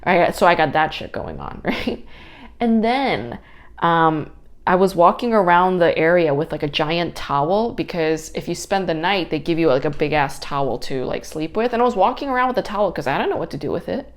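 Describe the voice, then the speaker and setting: A woman's voice: fairly low pitch, fairly quick. A young woman hosting a podcast, telling a story casually with lots of swearing and exasperated ranting. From New York area. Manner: profane, exasperated, animated ranting. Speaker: podcast host.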